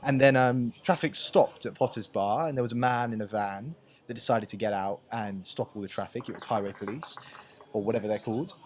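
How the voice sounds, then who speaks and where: A man's voice: fairly low pitch, fairly quick, slight background noise. Rambling young man, casual chat. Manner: rambling, repeats words, upbeat. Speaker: podcast co-host.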